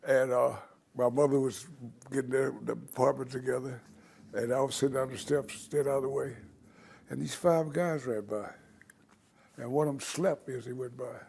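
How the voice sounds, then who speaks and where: Gravelly, husky older man telling stories. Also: medium pitch, fairly even intonation, a little mellow. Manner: unhurried, reflective storytelling with small restarts. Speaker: interview guest. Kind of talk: storytelling in conversation.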